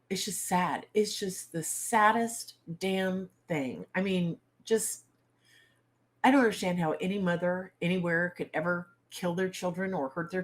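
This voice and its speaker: A woman with a slightly low-pitched voice hosts a casual livestream chat. She talks bluntly and outspokenly, with salty phrasing. She keeps turning to her viewers with direct questions. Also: a bit bright. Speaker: author and livestream host.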